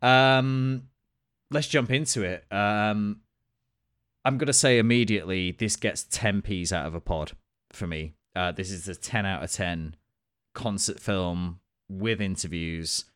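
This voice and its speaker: A young man co-hosting a casual review podcast, relaxed and full of ums. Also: low voice, measured pace, smooth. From England. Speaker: podcast co-host.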